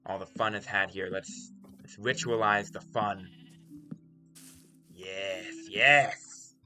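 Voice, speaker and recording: A man hosting a game let's play, talking in a deliberately calm, soft-spoken and musing way. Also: lowish voice, faint music behind. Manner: musing, introspective. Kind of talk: casual gameplay commentary.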